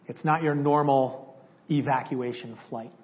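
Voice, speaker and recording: A man's voice: mid-range voice, steady tone, measured pace. A man sharing a personal testimony in a church, telling it conversationally and acting out the dialogue he remembers. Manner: conversational, acts out dialogue from memory. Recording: slightly dull lo-fi audio.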